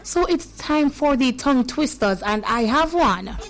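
A woman's voice: high-pitched, lively intonation, measured pace, over music, low-quality recording. A woman hosting a children's call-in radio show, playful and laughing often as she greets listeners by name. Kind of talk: lively call-in radio chat for kids.

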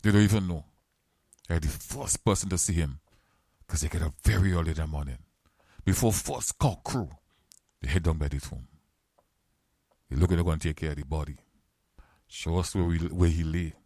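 A man's voice: rumbling low, lively intonation, a little fast, long pauses, warm tone, slightly rough, no echo, studio quality. A man preaching a sermon, repeating phrases and building to fervent, emphatic exhortation.

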